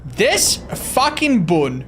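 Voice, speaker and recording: A man's voice: sits high, very animated, extremely slow, a bit bright. A young man streaming live gameplay commentary, swearing a lot and breaking into frustrated outbursts. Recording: noisy stream with game sound.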